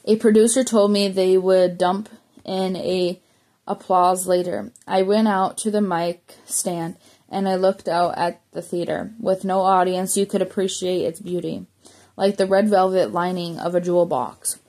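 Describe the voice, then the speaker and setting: A woman's voice: on the low side, steady tone, measured pace, mellow. A woman reading a memoir aloud as an audiobook, plainly, with small slips and self-corrections. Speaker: audiobook reader.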